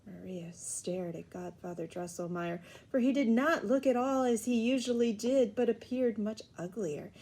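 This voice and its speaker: A woman reading a classic storybook aloud at a steady pace, with small stumbles. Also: fairly high pitch, normal speed, few pauses. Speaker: reader.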